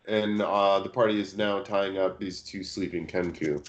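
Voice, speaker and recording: A man running a tabletop game as game master, narrating in an unhurried way with many pauses and fillers. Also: sits low, steady tone, highs cut off, slight background noise.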